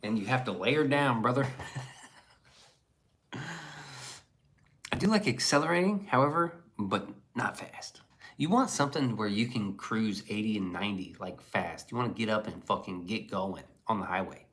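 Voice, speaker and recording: A man's voice: lowish voice, animated, fairly quick, few pauses, fairly bright tone. Profane casual male streamer. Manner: loose and profane, riffs on chat messages. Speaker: livestreamer reading chat.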